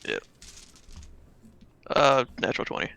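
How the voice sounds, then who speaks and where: A man's voice: measured pace, sharp tone. A man playing a tabletop game, laid-back with short, terse replies. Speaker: player. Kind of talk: casual tabletop play.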